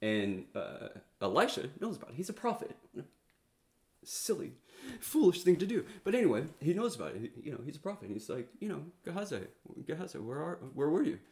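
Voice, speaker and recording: A man's voice: on the high side, very animated, fairly quick, darkish tone. A man preaching a sermon in a casual, conversational way, retelling a story with many fillers and restarts and acting out the quotes.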